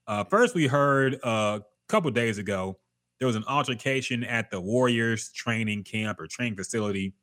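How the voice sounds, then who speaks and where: A man's voice: mid-range voice, expressive, moderate pace, fairly bright tone. A man co-hosting a casual podcast, reacting to trailers and sports news with blunt, profane commentary. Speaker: podcast co-host.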